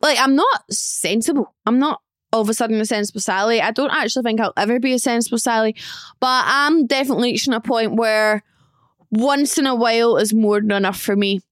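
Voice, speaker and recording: A young woman in her twenties gives a casual solo podcast update about her life, chatty, excitable and quick to laugh at herself. Her voice sits a little high and sounds smooth and clear. The recording is close and dry, with no room sound. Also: dry recording. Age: 20s. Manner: chatty, excitable, self-mocking. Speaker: podcast host.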